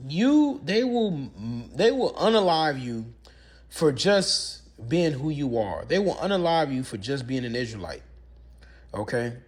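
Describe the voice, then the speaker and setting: A man's voice: a little high, big pitch swings, a little slow, a little mellow, husky. A man giving a preaching commentary with scripture reading, emphatic and repetitive, firing off rhetorical questions. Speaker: religious commentator.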